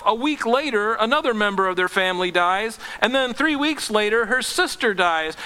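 A man preaching from the pulpit with a bright, forceful voice pitched a little high. He pleads with rising intensity, then sinks to a soft, gentle hush. His voice rings out with the long reverb of a church hall. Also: clear, resonant tone. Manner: earnest, rises to impassioned pleading then drops low and gentle. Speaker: pastor. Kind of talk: sermon.

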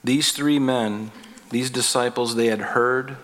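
A male pastor delivering a casual, conversational sermon. He is folksy and a little jokey, talking to the congregation like friends. On key points his voice climbs higher and presses harder. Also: fairly even intonation, slow, a bit bright. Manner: folksy, jokey, rising in pitch and force on emphatic points.

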